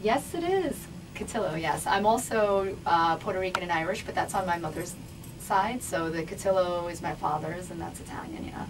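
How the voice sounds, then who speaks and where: A woman's voice: lowish voice, expressive, normal speed, music in the background, rough recording. A woman singer from New York, a guest in a radio studio, talking in a bubbly, giggly, effusive way. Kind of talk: casual radio interview.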